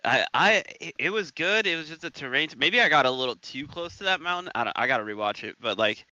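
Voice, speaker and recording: Bright-voiced man rambling on a stream. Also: on the high side, lively intonation, fast, no room sound, muffled recording. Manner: rambling, self-correcting, chuckles a lot. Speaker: stream co-host. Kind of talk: casual live-stream chat.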